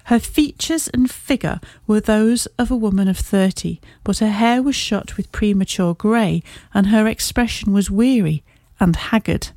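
A woman giving a measured, even scripted narration of a classic detective story. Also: mid-range voice, no echo. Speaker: audiobook narrator.

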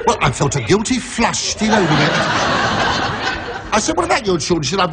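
A man telling a long joke story, hoarse from laryngitis, rambling and chuckling at his own lines. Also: sits high, very animated, normal speed, heavy background noise. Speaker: comedian.

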